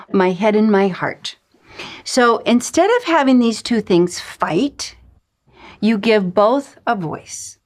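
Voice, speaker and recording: A woman teaching a lesson on intuition, speaking in an unhurried coaching manner with drawn-out pauses and soft sighs. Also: medium pitch. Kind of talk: spoken lesson.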